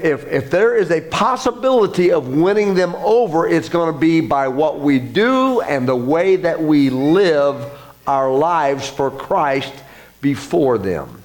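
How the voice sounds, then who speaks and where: A man preaching as a church pastor, earnest, with frequent fillers and restarts, his voice rising higher as he presses a point. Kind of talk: sermon.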